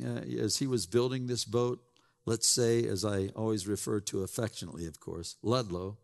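A man pastor preaching a sermon with dramatic storytelling, swinging between loud emphasis and hushed lines. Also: fairly low pitch, gravelly. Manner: dramatic storytelling, voicing townspeople and Noah, sweeping emphasis.

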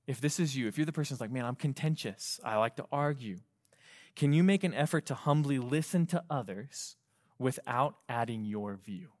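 A male pastor preaching a sermon, animated, asking the congregation rhetorical questions and acting out quoted voices. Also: on the high side.

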